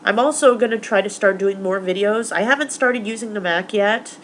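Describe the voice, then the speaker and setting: In a mid-range voice at normal speed, a young vlogger talks to camera about her week in a loose, rambling way full of fillers. Still recovering from stomach flu, she is tearful and emotional. A little hiss or hum is audible.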